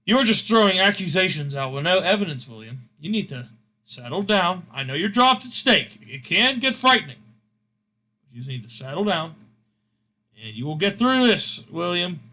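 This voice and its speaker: A man's voice: sits high, big pitch swings, moderate pace, pushed and bright, full character voice. A man doing a lecturing wrestling boss. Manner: lecturing, condescending. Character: smooth-talking male wrestling executive, calm and lecturing.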